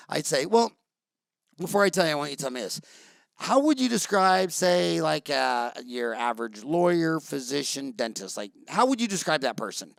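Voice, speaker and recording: A man hosts a casual interview in a fairly high, gravelly voice. He talks in an animated, rambling way with salty language, and the sound is dry and close with no room echo. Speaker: podcast host.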